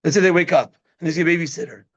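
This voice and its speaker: Racing along in a slightly high voice, a man leads a parenting class as a rabbi, speaking casually and animatedly while repeatedly checking in with those listening. The audio is dull and lo-fi.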